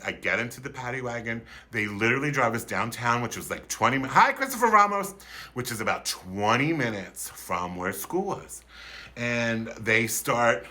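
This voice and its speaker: Campy flamboyant guy in his 50s doing a funny story on a live stream, really bright sharp voice. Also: sing-song, moderate pace. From Philadelphia, USA. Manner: campy, flamboyant and theatrical, with sudden high-pitched outbursts. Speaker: comic storyteller. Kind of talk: comic storytelling on a livestream.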